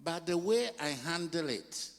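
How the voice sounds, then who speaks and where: Older Ghanaian pastor preaching in a hall. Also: male voice, fairly high pitch, expressive. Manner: switches between English and Twi, slow and emphatic. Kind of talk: sermon. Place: large church hall. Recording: long reverb of a church hall.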